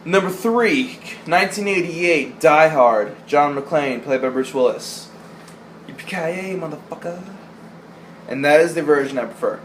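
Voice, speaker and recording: A man's voice: a little high, normal speed, few pauses, fairly bright tone, slight background noise. A young man casually counting down favorite movie lines, joking, swearing, and putting on voices for the quotes. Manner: profane, jokey, quotes lines in goofy voices. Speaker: vlogger. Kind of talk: casual movie-list vlog.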